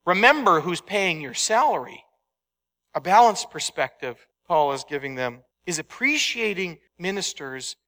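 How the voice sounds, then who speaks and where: High, bright-voiced man preaching in a reverberant hall. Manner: conversational, emphatic preaching with anecdotes. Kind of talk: sermon. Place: church sanctuary.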